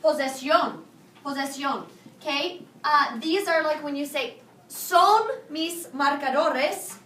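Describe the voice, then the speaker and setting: A woman teaching a Spanish review lesson to a high school class, firing questions and having students repeat after her. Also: slow pace, fairly bright tone. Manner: drills students with call-and-response questions. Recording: echoey classroom from far off.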